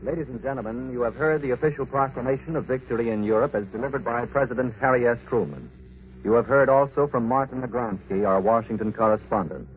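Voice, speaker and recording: A man's voice: mid-range voice, quick pace. Man doing formal network announcing, dull old radio sound, faint hiss. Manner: formal, steady announcer delivery.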